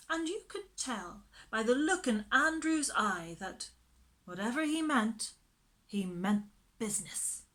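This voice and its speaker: A woman reading a children's storybook aloud in a slow, expressive way. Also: fairly high pitch.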